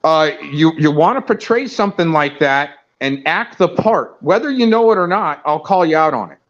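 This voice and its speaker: A man's voice: a little high, lively intonation, moderate pace, highs cut off. A man hosting a livestream and arguing heatedly, cutting in with repeated denials and talking over his guest. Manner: argumentative, repeats "no, no, no", talks over others. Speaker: livestream host.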